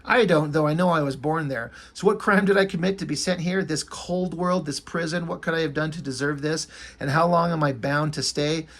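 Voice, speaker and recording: A man's voice: a little high, fairly quick, a bit bright. A man reading as weary demon Krampus. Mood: weary, pleading. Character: weary male demon prince longing for death. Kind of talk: reading comic dialogue aloud.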